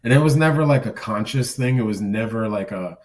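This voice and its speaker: A man's voice: fairly low pitch, a little fast, darkish tone, recorded from a distance. A man who works as a circus clown, a guest on a podcast, telling stories in a rambling, self-deprecating way. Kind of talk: casual podcast conversation.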